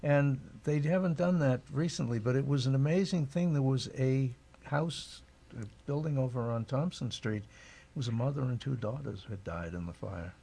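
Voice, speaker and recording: Dark, gravelly-voiced male guest. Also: medium pitch, normal speed. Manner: reminiscing, anecdotal. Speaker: studio guest. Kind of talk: radio talk show conversation.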